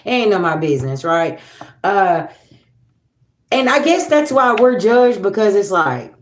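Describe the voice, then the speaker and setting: A woman's voice: mid-range voice, very animated, measured pace, echoey room, slight background noise. Sassy, blunt woman tarot reader. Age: 40s. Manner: blunt, sassy, swears freely, talks straight to viewers. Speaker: tarot reader and livestream host. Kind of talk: casual livestream rant.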